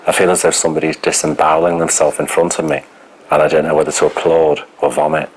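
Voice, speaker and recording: A man's voice: very deep voice, little pitch movement, fast talker. A man in a documentary, talking in a camp, sardonic and blunt way. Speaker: documentary subject. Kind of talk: candid documentary talk. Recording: noisy room ambience.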